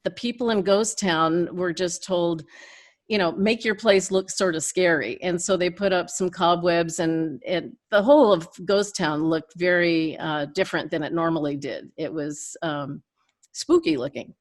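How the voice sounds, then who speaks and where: Older woman telling chatty stories, low-pitched. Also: fairly even intonation, a little slow. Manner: chatty, laughs between anecdotes. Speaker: guest. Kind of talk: casual interview storytelling.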